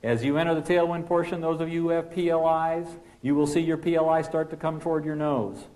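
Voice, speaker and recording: A man lecturing pilots as a flight instructor, emphatic, asking rhetorical questions and dropping his voice low for key points. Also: fairly even intonation, quick pace, darkish tone. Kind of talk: classroom lecture.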